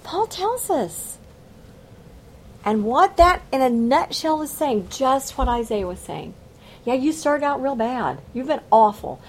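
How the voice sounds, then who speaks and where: A woman's voice: high voice, expressive, a little slow, a little hiss or hum. A woman teaching a Bible study, reading scripture aloud and adding emphatic, folksy commentary.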